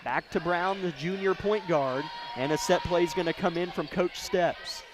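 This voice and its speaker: A man calling a high school basketball game play by play from courtside, quick and excitable, rising to shouts on big plays. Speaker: play-by-play announcer. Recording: noisy gym broadcast feed.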